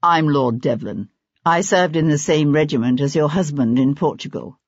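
A woman voicing a composed aristocratic young man in an audiobook, speaking low and measured. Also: husky, no room sound, lo-fi sound.

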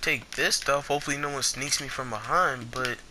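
Bright-voiced young man swearing through gameplay. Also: medium pitch, moderate pace, slight background noise. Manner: excitable, swears a lot, trash-talks opponents. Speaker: gameplay commentator. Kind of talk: casual gameplay commentary.

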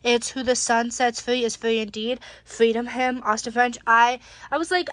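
A woman's voice: on the high side, fairly even intonation, moderate pace, a bit bright, no room sound. A young woman vlogging casually, gushing about her night at a concert event with lots of filler words. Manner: bubbly, gushing, many "like" fillers. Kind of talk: casual vlog chat. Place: concert venue, then at home.

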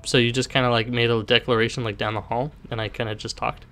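A man's voice: mid-range voice, flat delivery, fast talker, few pauses, fairly bright tone. A man commenting on a horror game he plays, reading its dialogue aloud with playful voices and wry jokes. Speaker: gaming commentator.

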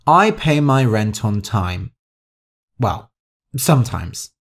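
A man's voice: lowish voice, sing-song, takes it slowly, heavily acted. A man doing a sly mischievous young man. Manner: sly, wicked.

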